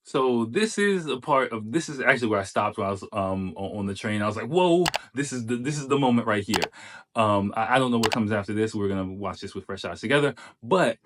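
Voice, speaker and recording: A man's voice: fairly low pitch, fast talker, hardly any pauses, noisy background. A man hosting, giving casual commentary on a clip, chatty and full of fillers and restarts. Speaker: host reacting to a clip.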